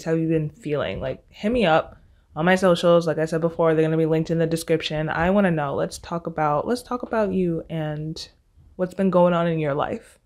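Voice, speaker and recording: With a low-pitched, somewhat dark voice, this young woman runs her own podcast from college. She talks to listeners alone in a chatty, sarcastic, casual style.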